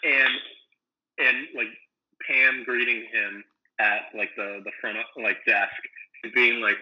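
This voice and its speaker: A man's voice: mid-range voice, steady tone, slow pace, dull audio. A young man co-hosting a casual podcast, rambling with lots of fillers and acting out imagined scenes. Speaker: podcast co-host.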